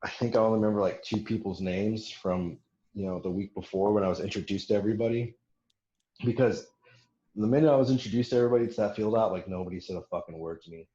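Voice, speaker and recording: A young man spins a profane, laughing story for his podcast co-hosts, jumping into loud impressions of the people he met. His voice sits on the low side. The recording is roomy and a little dull, like a lo-fi home setup. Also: quick pace. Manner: profane, laughing, quotes others in animated bursts. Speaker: podcast co-host telling a story. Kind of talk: casual storytelling chat.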